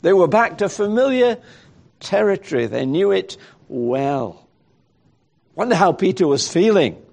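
A man's voice: sits high, sing-song, measured pace, vocal fry, a little mellow. A man preaching a sermon in a reflective way, thinking aloud and asking rhetorical questions.

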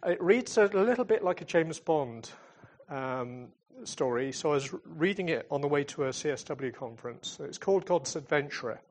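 A man's voice: on the high side, animated, moderate pace, few pauses, darkish tone. A man who represents a charity in churches, giving an informal, chatty talk that ends in a prayer. He tells stories with hesitations and restarts and calls himself a fun-loving comedian type.

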